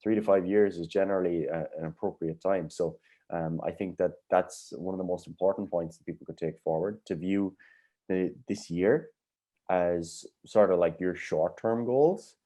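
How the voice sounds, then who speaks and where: A man co-hosting a podcast, calmly explaining and agreeing in a measured, explanatory way. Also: low voice. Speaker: podcast co-host. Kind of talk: casual podcast chat.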